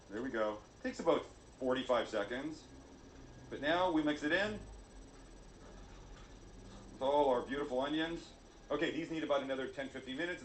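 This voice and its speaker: A man's voice: mid-range voice, a little hiss or hum. Man, cooking-show host, joking as he works, roomy echoey sound. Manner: jokey, self-mocking, chatty. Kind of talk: cooking demonstration video.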